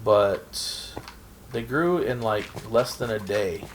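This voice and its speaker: A man's voice: fairly low pitch, expressive, slow pace, slight background noise. A man from Oklahoma chatting casually and rambling in a goofy way while he plays a game on stream. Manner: rambling, goofy, self-talk while playing. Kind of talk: casual gameplay chat.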